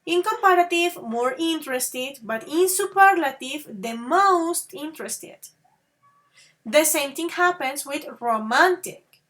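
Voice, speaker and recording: High-voiced slow-talking woman teacher. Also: expressive, fairly bright tone. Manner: slow and patient, calls students babies and dears; switches between English and Spanish to explain. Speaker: English teacher. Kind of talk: online grammar lesson.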